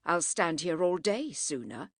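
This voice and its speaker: A woman reading a firm, proud Edwardian lady who speaks crisply and does not yield. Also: fairly low pitch, animated, a little slow, dry recording, studio quality. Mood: defiant. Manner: crisp and unyielding.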